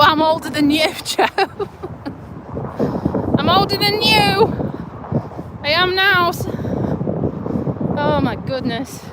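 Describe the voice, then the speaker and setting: A middle-aged woman talks in a high, unhurried voice while walking outside. She rambles in a chatty, self-mocking way, swearing casually and chuckling. The phone recording is full of wind and passing traffic. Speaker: vlogger. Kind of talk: casual live-stream chat while walking. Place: outdoors on a windy walk near roads. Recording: wind and traffic noise outdoors.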